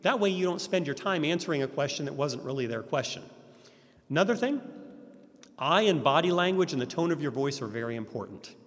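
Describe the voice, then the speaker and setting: A man's voice: on the high side, fairly bright tone. A man teaching a class on ministry, often putting rhetorical questions to his audience. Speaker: Christian ministry instructor. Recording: echoey hall reverb.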